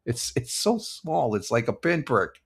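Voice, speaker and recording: A man's voice: medium pitch, big pitch swings, a little slow, creaky, husky. An older American man hosting a casual live stream, rambling with many restarts and giving blunt opinions while reading viewer comments. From United States.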